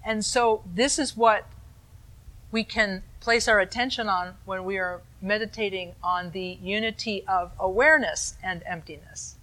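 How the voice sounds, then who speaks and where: A woman meditation teacher giving a dharma talk, explaining in a calm, conversational way with asides to her listeners. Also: mid-range voice, unhurried.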